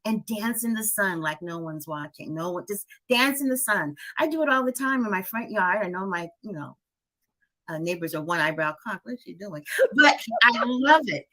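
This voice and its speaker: A woman's voice: mid-range voice, expressive, moderate pace, sharp tone. Middle-aged woman coach chatting on a live stream, chatty and upbeat, laughs a lot. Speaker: wellness coach guest. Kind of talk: casual live-stream chat.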